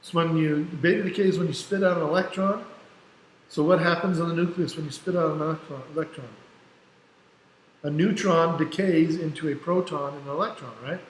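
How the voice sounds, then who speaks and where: Male teacher, slightly high voice, casual classroom lecture, step-by-step explaining, echoey room. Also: fairly even intonation, brisk. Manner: explains step by step, checks in with "right?"; casual, self-deprecating asides. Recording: echoey room, faint background noise.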